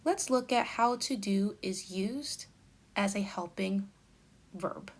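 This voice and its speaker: A woman teaching an English grammar lesson at an unhurried pace. She lays out each example sentence with careful, deliberate emphasis, like a patient tutor. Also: mid-range voice. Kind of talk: slow explanatory grammar lesson.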